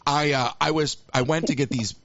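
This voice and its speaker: A man's voice: fairly high pitch, fairly even intonation, brisk, fairly bright tone, no room sound, highs cut off. A man hosting a live call-in show, chatting in a rambling, self-deprecating way with joking asides. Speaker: radio show host.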